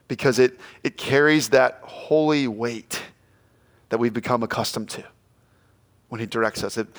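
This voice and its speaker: A middle-aged male pastor preaching a sermon, dropping to a hush and then shouting out quoted lines. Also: medium pitch. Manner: animated, swings from hushed to shouting quotes.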